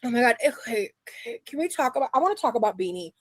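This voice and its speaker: A woman's voice: on the high side, very animated, quick pace, husky, dry recording. A young adult woman streaming live, chatting casually and rambling with restarts and fillers.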